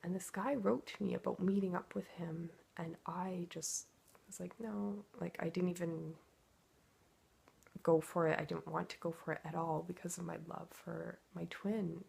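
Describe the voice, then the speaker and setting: A woman with a gravelly, husky voice pours out a personal story, confessional and emotional. She sits fairly low in pitch, with lots of vocal fry, and keeps slipping into quoted thoughts. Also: darkish tone. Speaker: twin flame coach.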